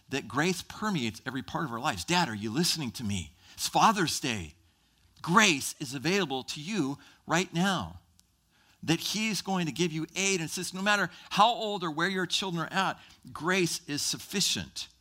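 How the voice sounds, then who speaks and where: A man's voice: on the high side, pushed and bright. A man preaching a sermon in a church, teaching from Scripture and acting out the voices of Bible characters. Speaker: pastor.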